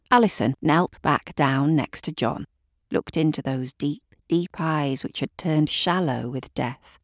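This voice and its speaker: A woman narrating a dark story in a measured, deliberate way. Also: sits low, dry recording, studio quality. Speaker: audiobook narrator. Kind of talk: scripted narration.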